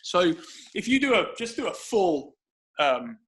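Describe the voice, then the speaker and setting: A man's voice: high-pitched, big pitch swings, measured pace, a bit bright. A man explaining breathing techniques for grappling over a video call, thinking aloud with frequent restarts. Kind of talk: explanatory conversation.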